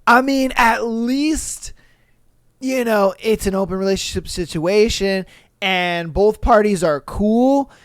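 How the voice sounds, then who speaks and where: A man's voice: high-pitched, slow, clear, resonant tone, no echo, studio quality. A man hosting a podcast, reading listener stories aloud and reacting in a laid-back, chatty way with crude jokes. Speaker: podcast host.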